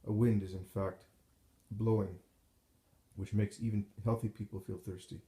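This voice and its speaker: A man reading a devotional text aloud in a slow, solemn, measured way, recorded in a roomy space with echo. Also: lowish voice, little pitch movement, mellow. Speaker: narrator.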